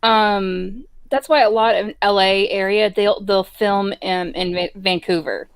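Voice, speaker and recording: A woman's voice: medium pitch, unhurried, smooth, no echo, clean studio sound. A woman on a podcast panel explaining a point hesitantly, restarting her sentences in casual chat.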